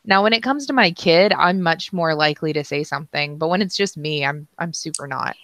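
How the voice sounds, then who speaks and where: A woman's voice: low voice, a little fast, a bit bright, no room sound. Young woman co-host, giggly and self-deprecating, on a dry close mic. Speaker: podcast co-host. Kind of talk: casual chat.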